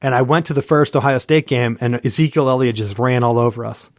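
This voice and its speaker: A man's voice: medium pitch, fairly even intonation, fairly quick, dry recording, studio quality. A man in his thirties co-hosting a casual sports chat, rambling through a story with lots of "like" and acting out the people in it. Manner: heavy use of "like" and fillers. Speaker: podcast co-host.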